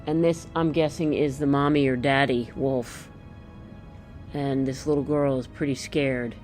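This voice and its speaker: A woman gently walking children through a picture book, explaining each page and thinking aloud as she goes. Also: very deep voice, steady tone, unhurried, soft background music.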